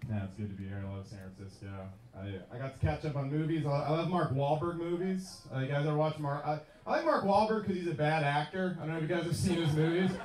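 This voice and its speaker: A man's voice: fairly high pitch, fast, hardly any pauses, a little mellow, a little hiss or hum. A man around thirty from New York doing a rowdy, swearing, self-mocking stand-up set in a comedy club. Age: 30s. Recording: echoey club, distant mic, crowd.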